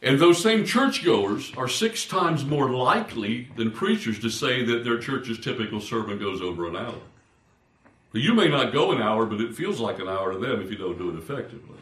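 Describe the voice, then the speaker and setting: An older man, a pastor, teaching fellow preachers in an informal, animated way, poking fun at himself and swinging between loud and soft. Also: mid-range voice. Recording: roomy, distant from the mic.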